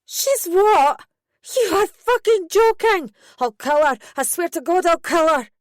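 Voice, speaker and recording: A woman plays an enraged middle-aged mother in an audiobook, shrieking at the top of a high voice. She is volatile and loud, and her threats come out raw. The sound is close and dry. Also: normal speed, no room sound, lightly acted. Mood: furious.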